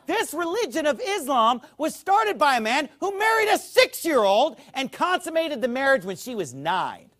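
A man's voice: extremely high pitch, big pitch swings, normal speed, hardly any pauses, bright, forceful tone. A man preaching a heated sermon, firing off rhetorical questions, raising his voice in bursts, and stopping to read passages aloud from a book. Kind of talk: fiery sermon.

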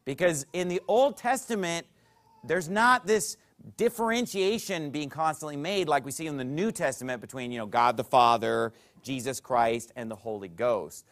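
A pastor with a slightly high voice and moderate pace guides his church through a chart in a teaching sermon. He keeps asking "okay?" and moves back and forth between emphatic bursts and quiet remarks.

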